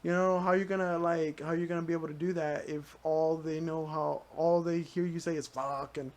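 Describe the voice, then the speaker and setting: A young man as a podcast guest, chatting casually in a halting, rambling way full of "like" and "dude.". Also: fairly high pitch, flat delivery. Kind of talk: casual chat.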